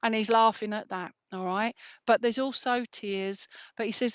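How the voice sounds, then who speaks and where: A woman working as a psychic medium, giving a gentle, reassuring live reading and often checking in with "okay?". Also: a little high, steady tone, moderate pace, no room sound.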